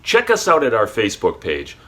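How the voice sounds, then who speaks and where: A man reading a sponsor ad with a brisk, salesy delivery. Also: lowish voice, huge pitch swings, a bit bright. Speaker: ad announcer. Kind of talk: read sponsor ad.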